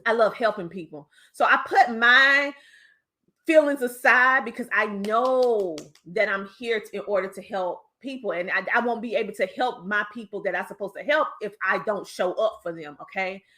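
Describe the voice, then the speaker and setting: Bright animated Southern woman host. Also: mid-range voice, moderate pace. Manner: animated, preachy, folksy slang. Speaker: podcast host. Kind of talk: motivational live-stream talk.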